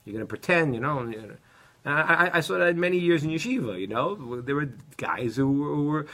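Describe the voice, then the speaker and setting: A middle-aged man teaching a casual Torah class, telling stories with many restarts and animated asides. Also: fairly high pitch, fairly quick.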